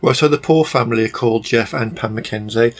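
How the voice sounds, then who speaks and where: A man's voice: medium pitch, fairly quick. A man with a Black Country accent giving a blunt, exasperated film review in a rambling, casual way, full of ums.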